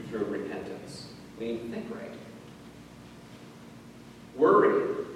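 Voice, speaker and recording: A man preaching a sermon, emphatic, rising to forceful peaks and then dropping low. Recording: echoey hall from far off, faint noise.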